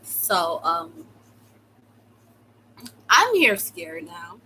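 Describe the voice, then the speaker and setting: A bright-voiced young woman from the United States tells a storytime in loose, slangy talk. She often jumps into loud, high exclamations. Her voice is faintly noisy. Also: sing-song, very slow. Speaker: vlogger. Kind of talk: casual storytime.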